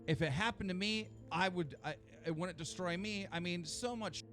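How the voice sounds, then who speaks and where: A man's voice: sits high, normal speed, bright, forceful tone, soft background music. A man talking casually in an interview, defiant and rambling, restarting his sentences. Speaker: online personality.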